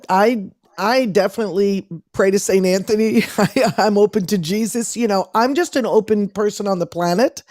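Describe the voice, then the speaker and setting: A woman's voice: mid-range voice, darkish tone, dry recording. Woman host, casual chat, a few restarts, plain mid voice, dry sound.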